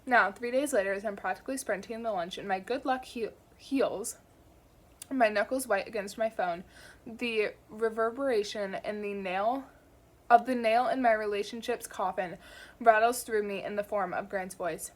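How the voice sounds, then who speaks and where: A woman casually reading a first-person novel aloud in a wry, lively way, now and then stumbling over words and commenting on her slips. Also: medium pitch, normal speed. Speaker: audiobook reader. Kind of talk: casual home audiobook reading.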